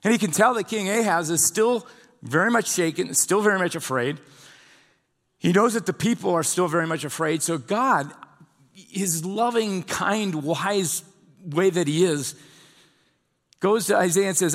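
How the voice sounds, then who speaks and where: A man's voice: high voice, lively intonation, unhurried, pauses often. Man preaching in an echoing hall. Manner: conversational storytelling preaching. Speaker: pastor. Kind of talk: sermon. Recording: long hall reverb.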